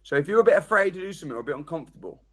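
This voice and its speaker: Energetic man, slightly high voice. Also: rapid-fire, husky. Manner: energetic storytelling with sudden loud jumps and quiet drops. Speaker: property training speaker. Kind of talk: motivational seminar talk.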